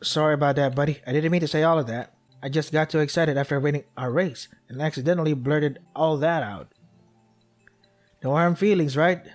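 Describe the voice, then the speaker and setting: A young man with a slightly high voice narrates his own gameplay, cracking jokes and talking straight to the characters. He gets excitable and laughs often. Game music plays faintly behind him. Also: fast talker. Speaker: gameplay commentator. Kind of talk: let's play commentary.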